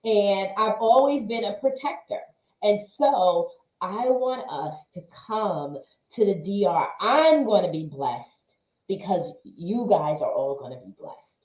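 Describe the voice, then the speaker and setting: A woman's voice: mid-range voice, expressive, slow, reverberant, muffled recording. A woman hosting a casual group chat, affectionate and playful, speaking with faith. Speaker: host and life coach.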